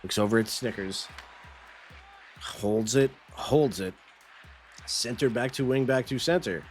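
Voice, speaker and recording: A man doing esports play-by-play commentary, with rapid calls that jump up in pitch when goals go in. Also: soft background music.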